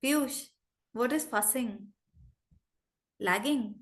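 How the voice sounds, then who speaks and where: A woman with an Indian English accent runs an online English class over a video call, with a voice sitting a little high. She explains points briskly and firmly tells students to stop laughing and disturbing her. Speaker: English teacher.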